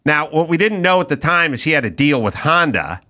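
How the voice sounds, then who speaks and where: Middle-aged guy hosting a podcast, bright forceful voice, swoops up and down a lot telling stories. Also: fairly high pitch, brisk. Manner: animated storyteller, acts out quoted people. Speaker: podcast host. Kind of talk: casual storytelling chat.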